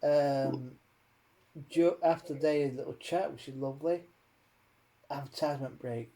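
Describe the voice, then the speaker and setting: A man's voice: mid-range voice, fairly even intonation, measured pace, warm tone. A man hosting a casual chat, rambling and swearing as he rants with many fillers. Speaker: host.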